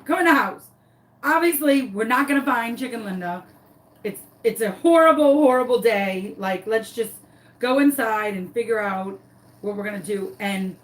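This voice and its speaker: Slow, drawling storyteller woman. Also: mid-range voice, distant mic, poor audio. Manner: animated, dramatic storyteller. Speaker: crafting vlogger. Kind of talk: storytelling while doing a craft tutorial.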